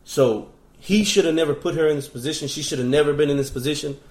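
A man's voice: a little high, quick pace, darkish tone, echoey room. A man talking in a casual chat, blunt and opinionated, swearing freely.

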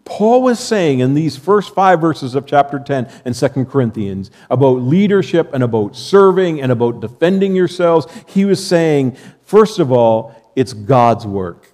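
A man's voice: fairly high pitch, lively intonation, moderate pace, few pauses, darkish tone. A male pastor delivering a sermon to his congregation, repeating key phrases emphatically and quoting scripture. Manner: emphatic preaching with repetition. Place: church sanctuary.

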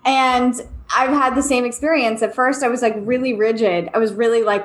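A woman's voice: on the high side, fairly even intonation, normal speed, rough recording. A woman who co-hosts a podcast and is a mother of three, talking in a candid, chatty, self-deprecating way. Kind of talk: casual podcast conversation.

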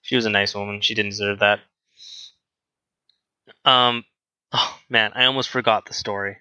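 Bright-voiced man telling a rambling story. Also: fairly low pitch, moderate pace, clear, resonant tone, dry recording, poor audio. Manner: rambling, animated, with restarts and quoted dialogue. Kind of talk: casual chat, telling a work story.

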